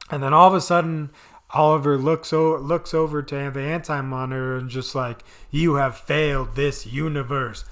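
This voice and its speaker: A man's voice: mid-range voice, a bit bright. A man reviewing a TV episode in casual chat, rambling with lots of fillers. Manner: rambling, filler-heavy, enthusiastic. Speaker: video reviewer.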